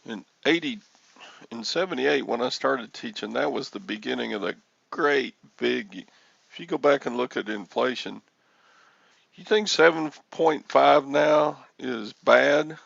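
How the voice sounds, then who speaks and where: A man's voice: mid-range voice, measured pace, gravelly, fairly bright tone, no room sound, muffled recording. A man in his sixties hosting a reseller livestream, rambling and joking as he answers chat comments. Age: 60s.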